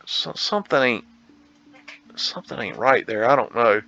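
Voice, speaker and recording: A man's voice: mid-range voice, animated, moderate pace, creaky, pushed and bright. A man hosting a casual photo-tour commentary, rambling and musing with slangy asides. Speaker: host. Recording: dull lo-fi sound with faint guitar music.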